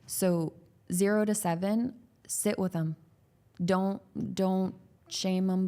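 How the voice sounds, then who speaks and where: Speaking about raising kids on a podcast, this guest has a mellow, lowish female voice. Her job is growth coaching, and she has little ones of her own; her delivery is sincere and unstructured, peppered with "like" and false starts.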